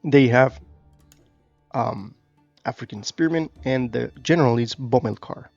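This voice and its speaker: Casual gameplay narrator, male, gravelly, halting reads, muffled mic, soft music bed. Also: mid-range voice, no room sound. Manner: reads tutorial text aloud then comments loosely, many fillers. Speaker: gaming YouTuber.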